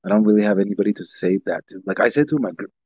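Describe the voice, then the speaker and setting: Laid-back husky man, dull lo-fi sound. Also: fairly low pitch, rapid-fire, darkish tone, dry recording. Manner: rambling, heavy use of "like", laid-back. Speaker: podcast co-host. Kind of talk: casual chat.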